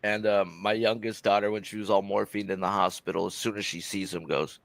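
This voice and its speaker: A man's voice: lowish voice, fairly even intonation, brisk, creaky, few pauses, dry recording. A man in middle age chatting casually on a live sports show, telling jokey stories with plenty of swearing. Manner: profane, jokey storyteller. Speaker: guest co-host. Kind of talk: casual chat.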